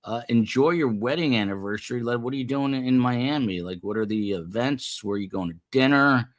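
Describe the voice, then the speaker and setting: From an upper-floor spot in a building, a US livestream host talks at medium pitch and a slightly quick pace. He rambles in a relaxed way while chatting with his viewers.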